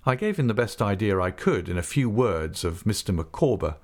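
A man narrating an audiobook in the first person, reading in an earnest, expressive way. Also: fairly low pitch, a little fast.

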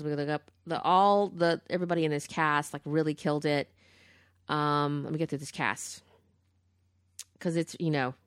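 A woman's voice: low-pitched, vocal fry, no room sound, studio quality. Blunt, profane woman podcaster. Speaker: podcast co-host. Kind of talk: casual chat.

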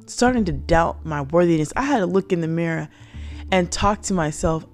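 Woman podcast host, low voice, earnest devotional pep talk, repetitive preaching cadence. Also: darkish tone. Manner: earnest preaching, repeats phrases for emphasis.

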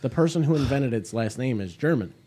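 Mellow-voiced man reading beer notes. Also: mid-range voice, expressive, brisk. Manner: reads product blurbs aloud, explanatory. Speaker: podcast host. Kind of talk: casual chat, reading beer labels.

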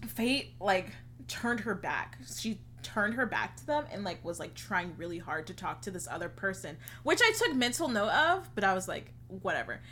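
A young woman with a bright, clear voice tells a rambling story on a casual podcast. She fills her talk with "like" and slips into quick impressions of the people she describes. A faint hiss sits under her voice. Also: medium pitch, sing-song. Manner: chatty, heavy use of "like", acts out quotes. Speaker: podcast co-host.

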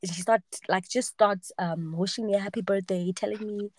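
A woman's voice: mid-range voice, fairly even intonation, normal speed. A woman in her late twenties, hosting a podcast and telling a personal story in casual chat, acting out the voices she quotes. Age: 20s. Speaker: podcast host.

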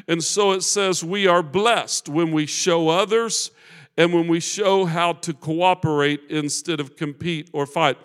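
Preaching pastor with a high, resonant voice. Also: male voice, clean tone. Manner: rises to fervent loud preaching, drops low for storytelling. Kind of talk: sermon. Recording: long hall reverb.

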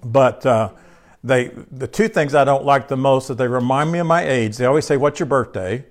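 Conversational male preacher, mid-pitched. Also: normal speed. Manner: conversational, asks the congregation questions and repeats key phrases. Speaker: pastor. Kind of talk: sermon.

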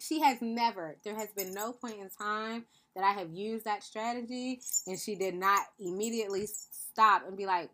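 A woman in a middle pitch speaks to her podcast listeners in a reflective, earnest monologue. She works through her thoughts out loud, calling listeners "beloved" and often checking in with a quick "right?". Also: animated. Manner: earnest, thinks aloud with frequent "right?" check-ins. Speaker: podcast host.

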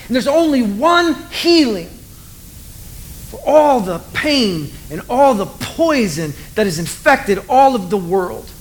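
A man preaching a sermon, telling a Bible story in a lively way and acting out the voices of the people in it. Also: very high voice, poor audio. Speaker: pastor.

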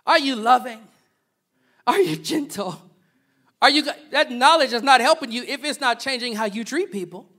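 A male pastor preaching a sermon, animated, swinging from loud preaching to soft, playful asides. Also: very high voice, normal speed.

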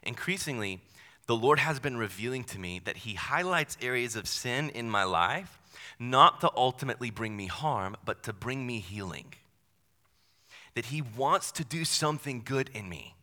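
A young man preaches with a very bright, forceful voice and an easy, conversational manner. He slips in self-deprecating asides as he works through the text. The sound carries a long reverb, as in a large hall. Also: medium pitch, lively intonation, moderate pace. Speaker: pastor. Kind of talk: sermon.

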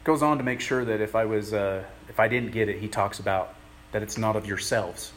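Low-voiced man preaching plainly. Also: steady tone, fairly bright tone, slight background noise. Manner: earnest, plain-spoken, halting with many pauses. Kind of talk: conversational sermon.

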